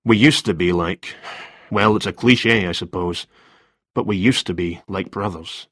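Flustered freelance writer, hesitant and rambling, low husky voice, read by a man. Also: normal speed, a bit bright, no echo, clean studio sound, heavily acted. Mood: subdued.

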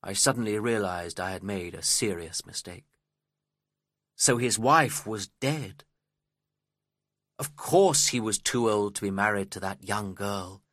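A man reading a story aloud as its narrator, in a slow, measured and expressive way. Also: fairly low pitch, no room sound, studio quality.

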